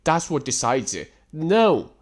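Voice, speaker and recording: A man's voice: a little high, big pitch swings, slow pace. A man hosting a reaction commentary, ranting in an exasperated, sarcastic and profane way. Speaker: host reacting to text screenshots.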